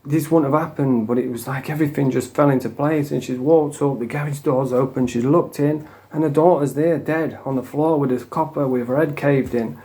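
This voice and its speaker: A man's voice: medium pitch, a little fast, hardly any pauses, mellow. A man with a Northern English accent telling a rambling, sweary, emotional story in a casual vlog, while coming off drugs. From England. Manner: rambling, sweary and emotional, with frequent "you know what I mean". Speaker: vlogger.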